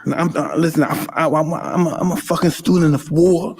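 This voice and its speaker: A man in his fifties talking intensely and emotionally, profane and halting, in a casual conversation. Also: on the high side, gravelly, darkish tone, breathy edge. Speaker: podcast host.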